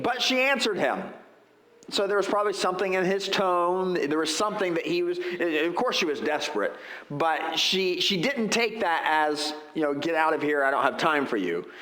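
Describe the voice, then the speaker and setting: Bright-voiced preacher man in an echoey church. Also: sits high, normal speed. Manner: conversational preaching with rhetorical asides. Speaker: pastor. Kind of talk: sermon. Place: church sanctuary.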